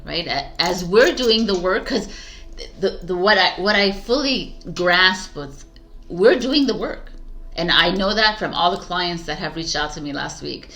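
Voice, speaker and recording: Bright-voiced chatty woman, rambling. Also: fairly low pitch, animated, unhurried. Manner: rambling, chatty, lots of fillers and self-talk. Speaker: tarot reader. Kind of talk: casual spiritual chat to camera.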